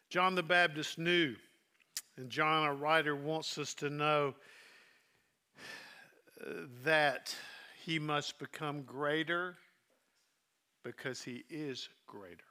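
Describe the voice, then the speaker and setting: A male preacher giving a sermon, telling a personal story in an earnest way and dropping soft at tender moments. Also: a little high. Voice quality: earnest, drops soft when emotional.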